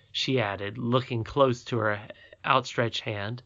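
A man narrating a storybook as an audiobook reader, soft and unhurried. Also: medium pitch, dry recording, dull audio.

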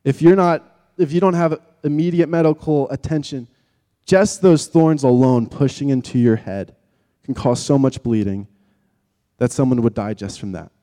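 A man preaching a sermon in vivid, dramatic terms, swinging from loud emphasis to hushed tones. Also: mid-range voice, normal speed, in a large hall.

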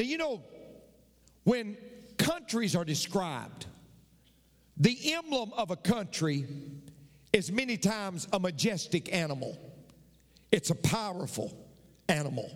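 A man preaching a sermon, emphatic, with dramatic pauses and repeated phrases. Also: high-pitched. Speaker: pastor. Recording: reverberant hall with loud music.

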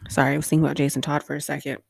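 A woman's voice: low voice, little pitch movement, racing, gravelly, slightly rough, no echo, clean studio sound. A woman hosting a casual rewatch recap of a TV episode, rambling with lots of fillers and offhand swearing.

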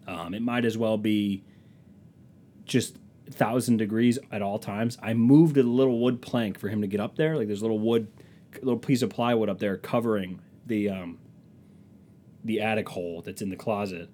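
A man's voice: on the low side, moderate pace, mellow. A man, hosting a podcast and telling a rambling, profane, self-mocking story in a casual comic style. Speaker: podcast host.

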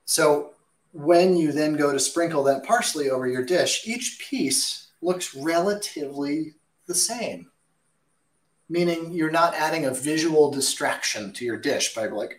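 A man's voice: fairly high pitch, lively intonation, a little slow. Give me a man chef answering viewer questions with emphatic, casual kitchen advice, recorded in an echoey room. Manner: emphatic, chatty, direct.

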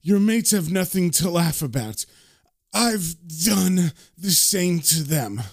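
This is a cocky con man with nothing left to lose, put on by a man reading a comic aloud. He taunts his enemies in an unhurried, mocking drawl. The voice sits a bit high for a man. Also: lively intonation, full character voice. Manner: mocking, swaggering, slow drawl. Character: cocky dying British con man, defiant.

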